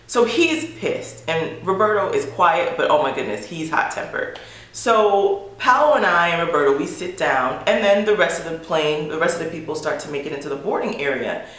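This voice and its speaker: A woman's voice: deep voice, animated, normal speed, fairly bright tone. A woman vlogger casually telling a story to her camera, chatty and full of "like" fillers. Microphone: camera mic. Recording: echoey room.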